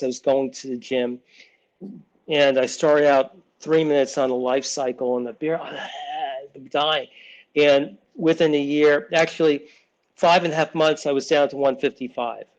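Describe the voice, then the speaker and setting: On lo-fi sound, a man in his sixties, guesting as a children's book author, speaks unhurriedly in a fairly high, steady voice. He rambles through his ideas, often starting sentences over and acting out relatives' voices in brief.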